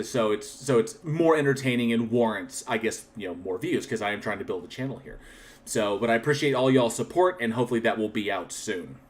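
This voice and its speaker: A man hosting a livestream, chatting casually and thanking viewers one by one, with frequent restarts and a candid, reflective manner. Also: mid-range voice. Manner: reflective and candid about his channel. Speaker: livestream host. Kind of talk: casual live-chat shoutouts.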